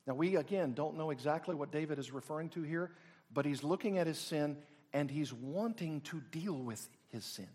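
A middle-aged man preaching a sermon, swinging from loud exclamations down to near whispers. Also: on the high side, normal speed, husky. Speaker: pastor.

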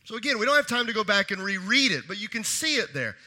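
A man preaching a sermon, moving from hushed, slow emphasis to raised, urgent reading of scripture. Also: sits high, sing-song. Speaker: pastor.

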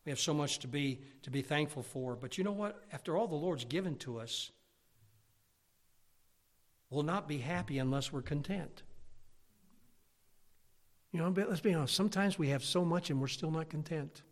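Middle-aged male pastor, higher-pitched, homespun sermon delivery with emphatic swells. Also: moderate pace, long pauses, long reverb tail. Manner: preaching with rising, emphatic outbursts and folksy asides.

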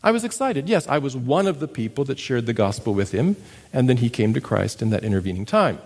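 A man preaching a sermon, emphatic and animated, telling stories and demonstrating. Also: mid-range voice, brisk, husky, in a large hall. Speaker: missionary preacher. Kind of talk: sermon with storytelling.

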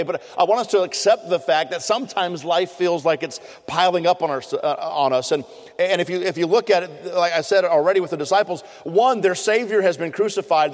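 A middle-aged man preaching a sermon, telling stories in an earnest, conversational way with frequent restarts. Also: sits high. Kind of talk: sermon with personal storytelling. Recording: long hall reverb.

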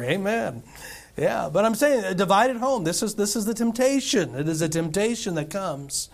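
A middle-aged pastor delivers a sermon in a church, his voice pitched a little higher than most men's. He speaks conversationally and keeps turning to the congregation with questions. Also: animated, normal speed, vocal fry. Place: church sanctuary.

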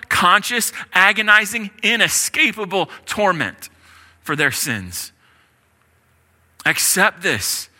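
A man preaches with a high, sharply bright voice, pressing each point through repetition and weighty pauses. His sermon rings out in a large church hall with a long, trailing reverb. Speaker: pastor.

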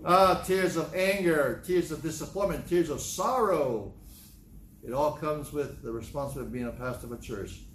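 Emotional pastor preaching in a roomy church. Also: male voice, on the high side, moderate pace, a little hiss or hum. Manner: emotional, with repeated phrases and sudden raised outbursts. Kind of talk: sermon.

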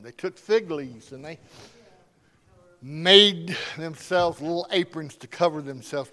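A man preaching a sermon with strong emphasis, swinging between loud declarations and hushed asides. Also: sits high.

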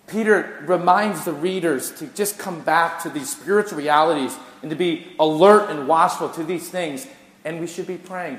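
A man preaching a sermon, his delivery swinging between hushed intensity and loud, lively storytelling. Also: a little high, brisk. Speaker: pastor. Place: church sanctuary. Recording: echoey church hall.

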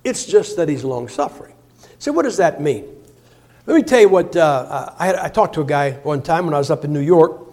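A man preaching a sermon as a guest speaker, folksy and joking, with many restarts, moving between loud emphasis and soft, low asides. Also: animated, moderate pace.

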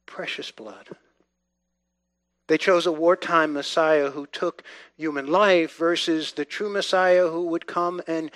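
A man delivers a sermon in a fairly high voice, hammering points through repetition. He sinks to near-hushed lines, then climbs to loud, urgent bursts. The sound is dry, with no room around it. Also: no room sound. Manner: emphatic, repetitive, swings between quiet and loud. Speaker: pastor.

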